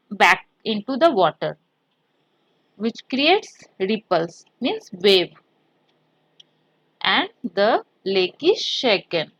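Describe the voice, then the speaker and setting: A woman teaching a maths lesson to children, explaining slowly step by step and slipping in Hindi words. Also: medium pitch, big pitch swings, fairly bright tone, no echo, rough recording.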